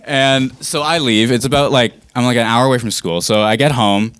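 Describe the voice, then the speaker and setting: A man in his twenties telling a story on a comedy stage, casual and profane with a deadpan edge. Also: medium pitch, moderate pace, clean tone, dry recording. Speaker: stand-up comedian.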